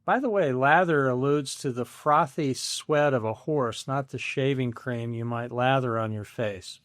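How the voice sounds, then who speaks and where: A man's voice: mid-range voice, measured pace, fairly bright tone, no echo, clean studio sound. A man in his seventies hosting a solo podcast, telling a family story in a wry, self-deprecating scripted style. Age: 70s.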